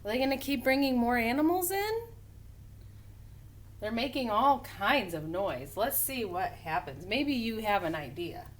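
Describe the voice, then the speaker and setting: A woman teacher who breaks into a story to ask children questions, exclaiming in an animated way. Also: a little high, a little slow. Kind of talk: asking children questions during a read-aloud.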